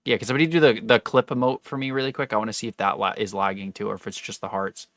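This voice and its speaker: A man's voice: on the low side, steady tone, rapid-fire, a bit bright, no echo, studio quality. A young man chatting casually with his live-stream viewers while he plays, rambling and correcting himself as he goes. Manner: rambling, self-correcting, talks to chat.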